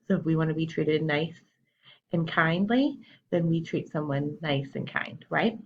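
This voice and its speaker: A woman's voice: low voice, measured pace, highs cut off. A woman teacher reading a children's picture book aloud, asking the children questions and explaining words as she goes. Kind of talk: children's storytime read-aloud.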